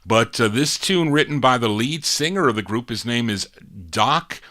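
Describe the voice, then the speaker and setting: Guy dj on an oldies show, bright crisp voice, rambly record talk, catches himself mid sentence. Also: mid-range voice, lively intonation, moderate pace. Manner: chatty, self-correcting, full of record trivia. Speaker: radio show host. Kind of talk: oldies radio DJ patter.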